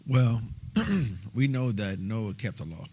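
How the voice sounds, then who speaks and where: A low-pitched man joins a Bible study discussion. He speaks haltingly and searches for his words, with a faint hum of noise behind him. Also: sing-song, darkish tone. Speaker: study group participant. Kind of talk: casual discussion.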